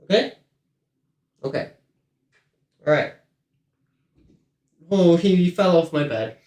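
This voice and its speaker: A high-voiced man chats playfully on a live game stream, teasing his audience and cooing softly to his cat. His voice bounces around a roomy home space with a clear echo. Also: unhurried, pauses often. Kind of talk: casual live-stream chat.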